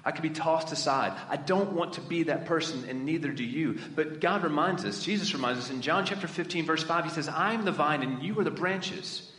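A man's voice: fairly high pitch, fairly quick, fairly bright tone. A man, a youth minister, preaching a conversational sermon and putting questions to his audience. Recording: echoey hall with long reverb.

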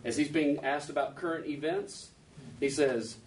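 A man's voice: on the high side, moderate pace. A man preaching a sermon in a conversational way, asking his listeners question after question. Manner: conversational, asks rhetorical questions. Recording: distant mic with faint background noise.

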